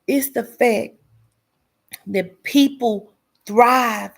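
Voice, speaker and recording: Blunt, gravelly woman ranting. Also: on the high side, drawn-out words. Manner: blunt, profane, drops into whispers for emphasis. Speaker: commentary vlogger. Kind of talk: casual commentary rant.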